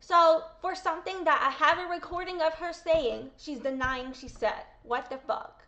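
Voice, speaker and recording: A woman's voice: sits high, normal speed, pushed and bright. A woman talking straight to her viewers in an upset, blunt personal callout, swearing and repeating quotes. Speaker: vlogger. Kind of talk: angry personal callout vlog.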